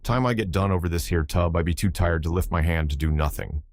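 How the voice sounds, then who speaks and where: Casting: tart, weary Southern washerwoman put on by a male narrator, higher than his own voice. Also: quick pace, darkish tone, no room sound, clean studio sound. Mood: scolding.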